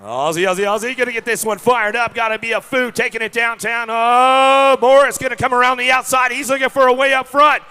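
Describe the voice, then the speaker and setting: A man's voice: very high-pitched, fairly even intonation, a little fast, few pauses, sharp tone, clear, resonant tone. A man calling a BMX race live, hyped, reading out riders by bike number. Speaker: race announcer. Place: outdoor BMX track.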